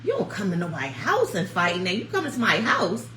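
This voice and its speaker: A woman in her fifties, hosting a vlog from home and chatting to viewers in a chatty, animated storytelling way. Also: medium pitch, fairly quick, a little hiss or hum. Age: 50s. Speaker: vlog host. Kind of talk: casual chat to viewers. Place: at home, snowed in. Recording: roomy echo.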